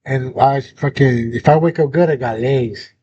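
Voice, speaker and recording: A young man hosts a casual chat, telling a story packed with slang and swearing in a warm tone at normal speed. The recording sounds dull and lo-fi, with a faint rumble.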